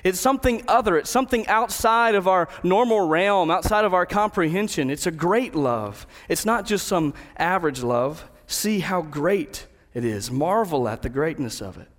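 A man preaching a sermon, telling a personal story and then slowing down to stress key words of a Bible verse. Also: high voice, lively intonation, fairly bright tone, big-room sound. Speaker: pastor.

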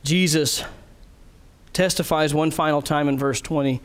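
A man's voice: on the high side, moderate pace. A man preaching a sermon as a pastor, earnest and emphatic, putting direct questions to his listeners.

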